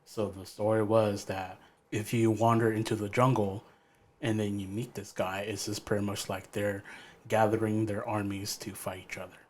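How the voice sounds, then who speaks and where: Man, low voice, casual folk-tale telling, offhand fillers, faint noise behind. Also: flat delivery, normal speed. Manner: loose and offhand, with fillers like "pretty much" and "like". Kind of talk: casual storytelling.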